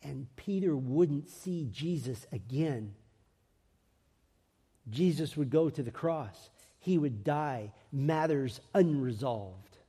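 A man preaching a sermon in an earnest voice that swings between emphatic and hushed. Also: medium pitch, expressive, takes it slowly, breathy edge, long reverb tail.

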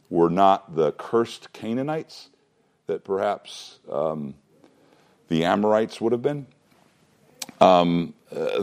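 A man's voice: low voice, a little mellow. A man teaching a Bible lesson to a class, conversational and emphatic, asking questions and repeating points. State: out of breath.

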